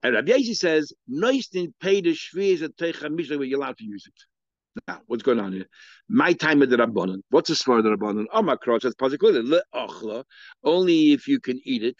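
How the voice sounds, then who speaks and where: A man's voice: on the high side, no room sound. A man with a Yeshivish English accent teaches a page of Talmud. He thinks aloud, full of fillers and restarts. The recording is dull and lo-fi, and dry with no room sound. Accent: Yeshivish English, Hebrew and Aramaic terms mixed in. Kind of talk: daily Talmud lecture.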